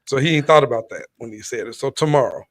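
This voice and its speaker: A man's voice: mid-range voice, animated, fast talker. A man co-hosting a morning talk show, wry and matter-of-fact. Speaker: co-host. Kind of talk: casual chat.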